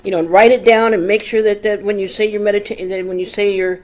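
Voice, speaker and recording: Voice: mid-range voice, steady tone, fast talker, darkish tone, rough recording. Older rambling speaker sharing a story. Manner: rambling, trailing off with fillers. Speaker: audience member sharing a story. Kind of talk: casual testimony.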